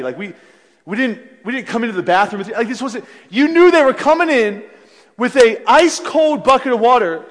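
High-voiced male pastor in a reverberant hall. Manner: animated storytelling with frequent restarts. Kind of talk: sermon. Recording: long reverb of a large hall.

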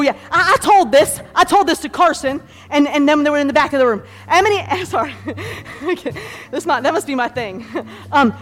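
High-voiced woman preaching in a hall. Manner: energetic, calls on the congregation to repeat phrases; laughs often between points. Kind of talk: sermon. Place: church hall with a congregation. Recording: hall reverb, faint background music.

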